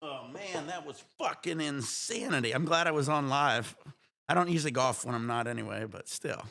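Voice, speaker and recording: A man chatting on his own livestream, excitable and swearing freely, with breathless exclamations between his remarks. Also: mid-range voice, moderate pace, gravelly. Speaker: livestream gamer. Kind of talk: excited casual livestream chat.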